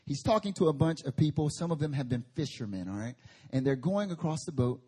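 Husky, animated male preacher. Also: on the high side, brisk. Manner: animated storytelling with slang and humor. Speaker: guest preacher. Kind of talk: sermon. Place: church service.

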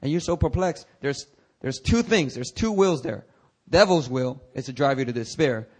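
An animated male pastor with a husky, medium-pitched voice preaches at a moderate pace. He speaks to the congregation in a candid, conversational way and bursts into dramatic, rising cries.

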